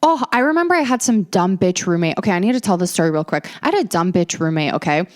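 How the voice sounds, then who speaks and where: A woman's voice: on the low side, lively intonation, fast. A woman in her early twenties hosting a podcast, telling stories in a sassy, ranting, profane way. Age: early 20s. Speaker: podcast host. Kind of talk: casual storytelling chat.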